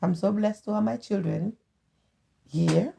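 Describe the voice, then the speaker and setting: A middle-aged Haitian woman with a Haitian accent, talking earnestly and haltingly as a guest in a family interview. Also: mid-range voice, vocal fry, mellow, slight background noise. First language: Haitian Creole. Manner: earnest, halting, repeats phrases. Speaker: guest, host's mother.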